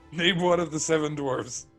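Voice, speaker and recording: A man hosting a casual podcast quiz game, firing off quick questions and laughing often. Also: a little high, faint music behind.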